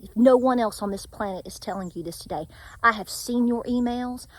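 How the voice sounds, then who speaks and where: A woman's voice: on the high side, fairly quick. A middle-aged woman with a Tennessee accent, talking in a casual vlog with earnest, preachy encouragement. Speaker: homestead vlogger. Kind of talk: casual faith-filled vlog talk.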